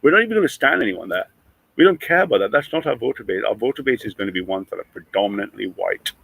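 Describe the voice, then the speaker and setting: A man hosting a reaction stream, ranting in a profane, mocking, animated way. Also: on the low side, fast, gravelly, husky, no echo, poor audio. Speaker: stream host. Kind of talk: reaction commentary.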